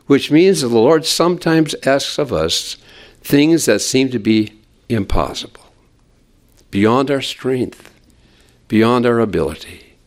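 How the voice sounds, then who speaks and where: A man teaching through a Bible passage in an expository sermon, acting out quoted lines with conversational asides. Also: mid-range voice.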